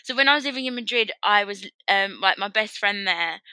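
A young woman from England with an English accent, chatting casually on a podcast and telling stories in an animated way, acting out what people said. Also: medium pitch, fairly quick, clean tone, dry recording, low-quality recording. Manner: animated storyteller, acting out quoted voices. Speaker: podcast co-host. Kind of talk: casual chat.

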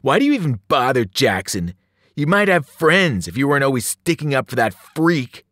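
A man voicing a sneering teenage boy bully who taunts loudly. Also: mid-range voice, sing-song, normal speed, no room sound, clean studio sound. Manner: jeering, loud.

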